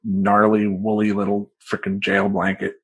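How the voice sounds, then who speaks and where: A man who works as a life coach, telling a personal story in a profane, rambling, animated way. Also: lowish voice, normal speed, gravelly, husky, rough recording.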